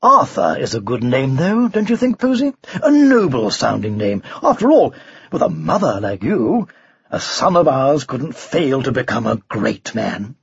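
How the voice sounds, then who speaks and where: A man voicing a kindly, jovial knight in a storybook reading, a bit deeper than his narration. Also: very animated, unhurried, creaky, husky, no echo, dull audio, exaggerated voice. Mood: fond.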